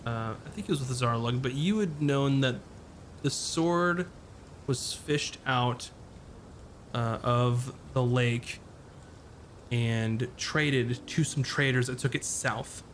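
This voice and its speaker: A man's voice: mid-range voice, slow pace, a little hiss or hum. A man running a tabletop game as game master, describing scenes with frequent ums and uhs.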